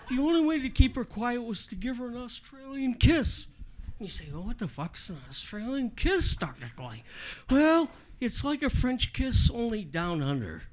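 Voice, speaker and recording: Older male open-mic comic, high lively voice, unhurried bawdy delivery over faint club noise. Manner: bawdy, self-deprecating joke teller. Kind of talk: stand-up comedy set. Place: comedy club stage before a live audience.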